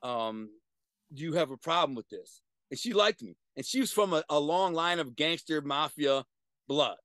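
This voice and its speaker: A middle-aged man, a guest on a video-call interview, telling profane street stories in an animated way with sudden loud bursts. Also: a little high, normal speed, dry recording. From Detroit, USA. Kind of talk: casual storytelling.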